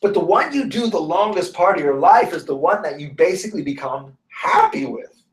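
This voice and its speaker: The speaker's high voice moves at a normal speed, sounding reverberant on a distant mic. He's a guest teacher of students and clients from the San Francisco Bay Area, USA, telling stories in a casual interview and vividly imitating those he quotes.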